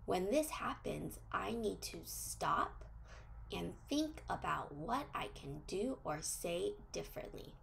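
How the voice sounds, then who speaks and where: A woman teaches preschoolers through a social story, her delivery sing-song and gently encouraging. She speaks very slowly, drawing out each phrase. A heavy gravelly fry runs through her voice. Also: fairly low pitch, big pitch swings, slight background noise. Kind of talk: social story read to young children.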